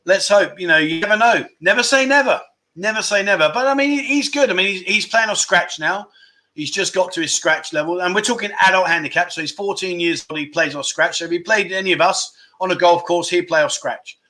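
A man's voice: high-pitched, brisk, bright, forceful tone. A middle-aged man hosting a casual livestream, chatting and reading viewer comments in a rambling, self-deprecating way. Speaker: livestream chat show host.

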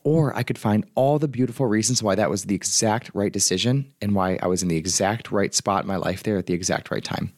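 Fast-talking chatty man, dry close sound. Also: lowish voice, darkish tone, dry recording. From United States. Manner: rambling, chatty, lots of fillers. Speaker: life coach. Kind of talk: casual solo talk. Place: his apartment.

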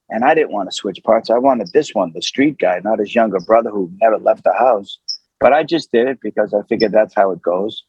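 A man, an actor, telling an anecdote in an animated, conversational way with lots of fillers. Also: on the low side, fairly quick, breathy edge, dry recording, lo-fi sound. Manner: animated, with many fillers and acted quotes.

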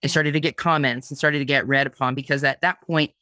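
A woman's voice: very deep voice, fairly even intonation, fast talker, bright, forceful tone, no room sound, clean studio sound. A woman guest on a podcast interview, talking casually about her craft, with frequent restarts and repeated words. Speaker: guest, blogging teacher.

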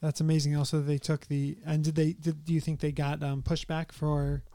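Male host, interview; mellow and monotone, short prompts, dry close sound. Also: fairly high pitch, normal speed, no echo. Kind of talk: conversational interview.

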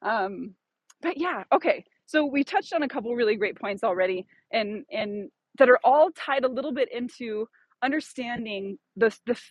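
A woman's voice: fairly high pitch, no echo. A woman hosting a podcast in casual chat, thoughtful and searching, with plenty of fillers and restarts. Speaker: podcast host.

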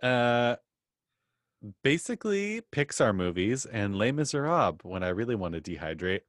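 A man co-hosting a casual podcast, wry and laid-back, gently teasing his co-host. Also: mid-range voice, big pitch swings, normal speed, no room sound, clean studio sound. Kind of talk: casual chat.

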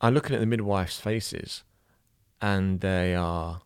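Deep-voiced Irish man telling a story. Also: smooth, no room sound, studio quality. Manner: halting, emotional, many restarts and fillers. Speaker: new father telling a birth story. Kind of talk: personal storytelling, casual.

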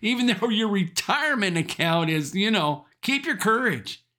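In a sermon, a man with a high, bright register drives home encouragement after encouragement, his pitch rising and falling widely. His delivery is expressive and emphatic at a moderate pace, built on repeated rallying phrases with the occasional chuckle.

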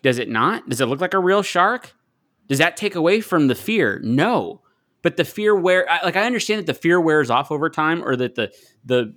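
A man's voice: fairly high pitch, fairly bright tone. A man co-hosting a podcast in casual chat who laughs often, swears, and makes his case with rhetorical questions. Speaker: podcast co-host.

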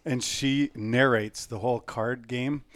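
A middle-aged man talking casually as a podcast guest, halting and restarting often with "you know". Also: mid-range voice, steady tone, fairly bright tone, no room sound.

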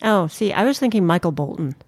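A woman's voice: medium pitch, animated, quick pace, a little mellow, no echo. A woman co-hosting a podcast, chatting casually and teasing her partner. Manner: giggly, teasing. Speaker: podcast co-host. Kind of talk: casual chat.

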